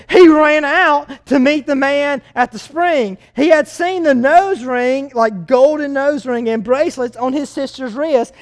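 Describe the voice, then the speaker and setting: A high-pitched preacher teaching through a Bible passage in an animated, conversational way. The delivery keeps throwing questions at the listeners and then answering them. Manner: animated, asks the audience questions.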